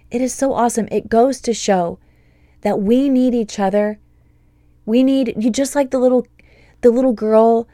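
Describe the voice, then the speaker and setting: Gushing upbeat woman with a mellow voice. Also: mid-range voice, no room sound, studio quality. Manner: gushing, upbeat, rambling with excited asides. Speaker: podcast host and homeschool business coach. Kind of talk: casual podcast monologue.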